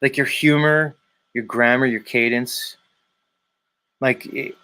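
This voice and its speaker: A man's voice: mid-range voice, steady tone, takes it slowly, pushed and bright, clear, resonant tone. Rambling man hosting a live chat. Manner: rambling, teasing viewers by name. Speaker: livestream host reading chat. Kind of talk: casual live-stream chat.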